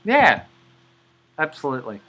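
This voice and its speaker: A man in a casual chat, sharing jokes and laughing loudly. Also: fairly high pitch, huge pitch swings, measured pace, slightly rough, low-quality recording.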